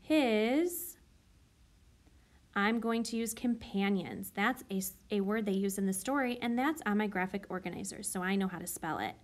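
A woman teacher giving a recorded writing lesson to young children, speaking slowly and clearly and sounding out words letter by letter. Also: medium pitch. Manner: encouraging, clearly enunciated teacher voice. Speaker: elementary school teacher.

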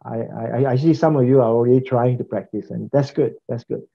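A man's voice: mid-range voice, fairly even intonation, brisk, vocal fry, breathy edge. A man giving a conversational classroom lecture on preaching, repeating phrases and asking the class questions. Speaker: preaching instructor. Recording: slightly dull lo-fi recording.

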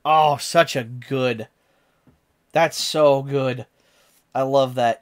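A man's voice: medium pitch, steady tone, extremely slow. A man streaming a casual reaction, chatty and enthusiastic as he explains lyrics.

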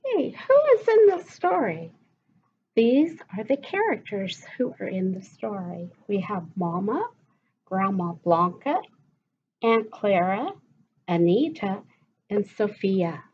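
A woman's voice: medium pitch, expressive, takes it slowly, lo-fi sound, slight background noise. A woman teacher reading a picture book aloud to children, stopping to ask them questions. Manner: stops to ask listeners questions.

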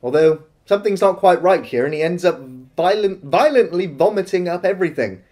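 A man co-hosting a film review chat, walking through the plot scene by scene. His pitch rises and falls a lot, and he keeps a calmer, more measured tone as he argues his points.

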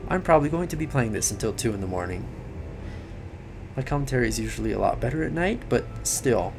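A tired young man giving late-night game commentary, rambling, swearing and yelling at the game. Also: medium pitch, animated, quick pace, vocal fry, over music. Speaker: gaming commentator.

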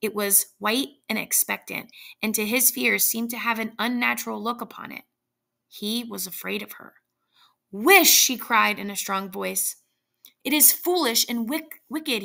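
A woman narrating a story aloud in a measured, suspenseful way. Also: medium pitch, gravelly, bright, forceful tone. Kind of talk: dramatic story reading.

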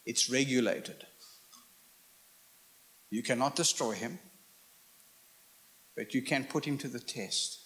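A man's voice: medium pitch, fairly bright tone. A man preaching a sermon, teaching through scripture and checking in with his audience. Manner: slow, emphatic teaching, asks the audience questions.

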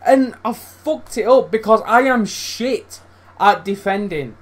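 A young man commentating his own football video game, swearing, swinging between loud outbursts and low muttering. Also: lively intonation, takes it slowly. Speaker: gaming YouTuber. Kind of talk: live gameplay commentary.

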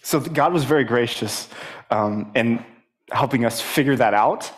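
An earnest young man sharing a personal testimony in church, his mid-pitched voice full of fillers and stops. As he gets stirred he pushes higher and more emphatic, then settles back into an easy, searching talk. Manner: halting, many fillers and restarts. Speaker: church speaker.

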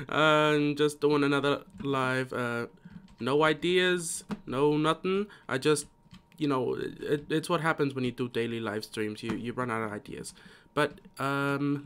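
A man's voice: medium pitch, fairly bright tone, clear, resonant tone. A tired man streaming a game live, casually rambling and muttering to himself as he plays.

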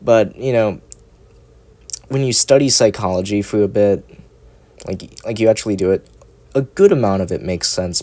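A young ASMR content creator with a lowish, mellow voice chats casually at home into a cheap microphone. He rambles, swears and makes jokes at his own expense.

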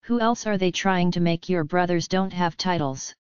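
A woman's voice: fairly low pitch, moderate pace, darkish tone, clear, resonant tone, no room sound, close to an everyday voice. A woman voicing a bold, anxious young princess questioning her father in an audiobook, urgent and questioning. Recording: slightly dull lo-fi audio.

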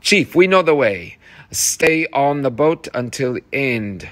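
A man sits reading notes to his cast after a rehearsal, running through each performer in turn. He praises freely and repeats instructions to make them stick. His voice sits at an ordinary middle pitch. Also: big pitch swings, slow, fairly bright tone. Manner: encouraging, reads notes aloud, repeats phrases. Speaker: theatre director.

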